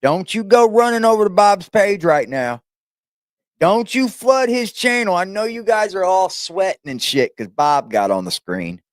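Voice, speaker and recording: Male reaction host, crude and teasing, lively swooping voice, slightly high. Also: a little slow, dry recording. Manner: crude, teasing, swings into loud whoops. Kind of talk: casual reaction commentary.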